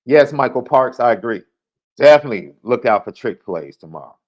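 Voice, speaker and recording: A man hosting a live sports podcast, chatting casually and reading out viewer predictions with excited jumps in his voice. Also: fairly quick. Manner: animated, excitable, jumps in pitch. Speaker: podcast host.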